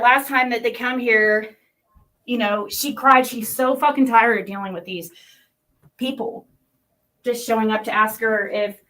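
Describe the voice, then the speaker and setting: High bright-voiced woman ranting heatedly. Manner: heated, swears a lot, swings between muttering and yelling. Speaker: vlogger reacting to online critics. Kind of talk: profane reaction rant.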